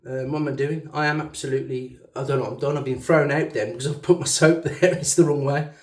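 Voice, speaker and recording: A man's voice: mid-range voice, steady tone, quick pace. A man with a Black Country accent chatting in a rambling, self-mocking way while he shaves at a bathroom sink. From English West Midlands. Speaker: shaving channel host. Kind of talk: casual chat while shaving. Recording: echoey bathroom sound.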